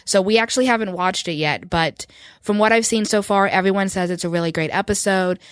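A woman's voice: medium pitch, a little fast, dry recording, clean studio sound. A woman co-hosting a casual podcast, talking in a chatty, wry way and laughing often. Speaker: podcast co-host. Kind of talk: casual fan podcast chat.

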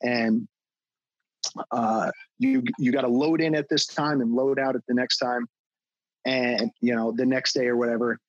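A man's voice: mid-range voice, steady tone, a little slow, dry recording, dull audio. A man talking as a podcast guest, a fitness trainer who rants bluntly and swears a lot in casual chat. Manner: blunt and profane, ranting.

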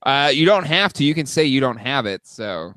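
A man co-hosting a casual podcast with a lively, swooping voice. He tells family stories with sarcasm, recorded close and dry. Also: mid-range voice, normal speed, no echo. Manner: sarcastic, animated storytelling. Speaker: podcast co-host. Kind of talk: casual chat.

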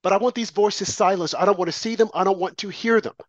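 Combative high-voiced man ranting. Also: quick pace, dry recording, dull audio. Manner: combative, preachy, emphatic. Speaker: political commentator. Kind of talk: opinionated political rant.

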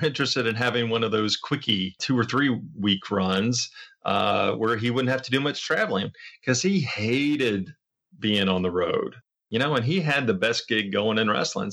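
A man's voice: medium pitch, animated, normal speed, vocal fry, a bit bright. A man co-hosting a podcast in casual chat, telling long stories with many fillers and restarts. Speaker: podcast co-host.

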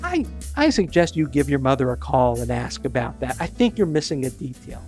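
A man's voice: mid-range voice, big pitch swings, a little fast, a little mellow, soft background music, lightly acted. A man voicing a young newlywed husband, puzzled and skeptical, in a questioning, incredulous tone.

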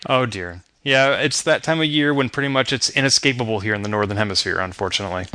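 A man's voice: medium pitch, fast, sharp tone, dry recording. A man hosting an interview podcast, talkative and friendly, asking follow-up questions. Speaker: podcast host.

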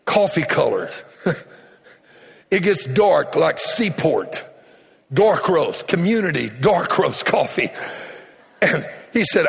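A man's voice: a little high, very animated, slow pace, gravelly, pauses often. A man preaching a sermon, telling a story dramatically and acting out the quotes. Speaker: pastor. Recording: long hall reverb.

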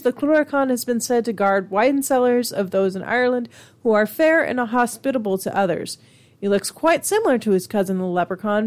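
A woman's voice: on the high side, a little mellow. A woman casually reading fairy lore aloud, giggling and riffing with swearing between passages. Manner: giggly, reads then riffs with swearing.

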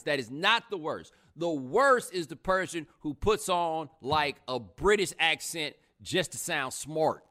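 A young adult man hosting a live podcast, chatting casually with a sarcastic, animated delivery. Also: measured pace, hardly any pauses. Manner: animated, sarcastic, rising pitch when joking. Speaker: podcast host. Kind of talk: casual live-stream commentary.

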